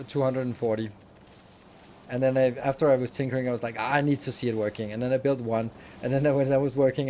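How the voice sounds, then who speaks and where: A man's voice: mid-range voice, mellow, slight background noise. A man streaming a factory-building game, giving rambling, chatty commentary with the odd swear and laugh. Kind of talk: casual gameplay commentary.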